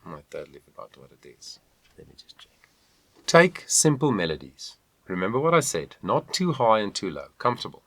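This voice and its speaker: A man's voice: fairly low pitch, very animated, brisk, fairly bright tone, dry recording. A man teaching an online singing lesson, encouraging and demonstrating with hums and sung lines. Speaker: voice coach.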